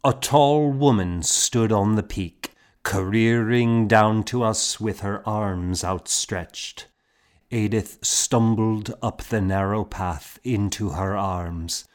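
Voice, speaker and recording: A man narrating a story in a measured storytelling manner. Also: lowish voice. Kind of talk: scripted narration.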